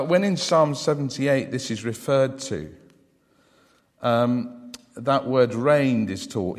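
Lively preacher in reverberant church. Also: male voice, medium pitch. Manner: animated, asks the congregation questions. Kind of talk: sermon.

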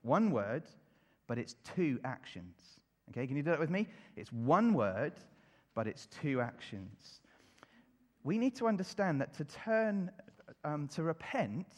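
A man giving an animated children's sermon, leading the congregation in call-and-response. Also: a little high, slow pace. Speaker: preacher. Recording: long hall reverb.

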